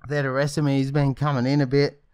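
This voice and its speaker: A man's voice: mid-range voice, monotone, a little fast, darkish tone, clean tone, no echo, clean studio sound. A young man who talks crudely and acts panicked while playing a prank on a friend. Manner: crude, swearing, acting panicked. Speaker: podcast guest.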